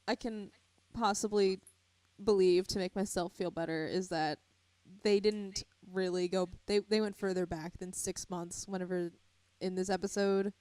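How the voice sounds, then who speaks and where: A woman's voice: mid-range voice, a little mellow, dry recording. A young woman co-hosting a casual fan podcast, speaking hesitantly with many fillers and frequent giggles. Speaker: podcast co-host.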